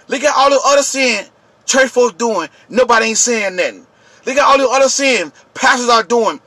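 High, bright-voiced man ranting loudly. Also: normal speed, dry recording. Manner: yelling, preachy, repetitive, addresses viewers directly. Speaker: channel host. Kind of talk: impassioned vlog rant.

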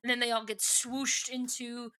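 A woman's voice: fairly high pitch, level tone, moderate pace, sharp tone. A woman co-hosting a podcast, casually recapping a book in a rambling way, full of fillers and self-corrections. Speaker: podcast co-host.

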